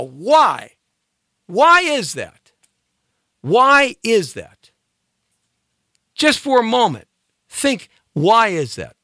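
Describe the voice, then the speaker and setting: A man's voice: high-pitched, fairly bright tone, no room sound, clean studio sound. A man hosting a live talk show, delivering an emphatic opinion monologue full of repeated rhetorical questions. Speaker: show host.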